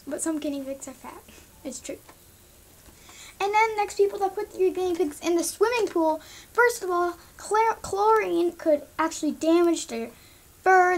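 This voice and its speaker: A young woman vlogging casually, exasperated and scolding, with lots of "like" and "um". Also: very high-pitched. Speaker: pet vlogger. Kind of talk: casual ranting monologue.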